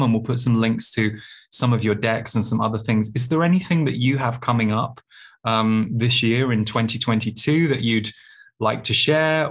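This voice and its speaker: Reflective man hosting a podcast. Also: fairly low pitch. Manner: thoughtful, reflective, with many restarts. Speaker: podcast host. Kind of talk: casual interview chat.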